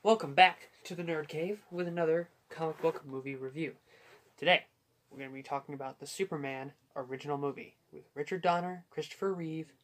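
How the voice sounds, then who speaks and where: Young guy doing a goofy movie review, kinda high voice, self-mocking and rambly. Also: fairly even intonation, normal speed. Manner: jokey, self-deprecating, rambling with restarts. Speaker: host.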